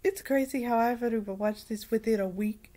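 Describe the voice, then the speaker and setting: A woman giving a casual anime review, rambling and repeating herself in an animated way. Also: a little high, brisk.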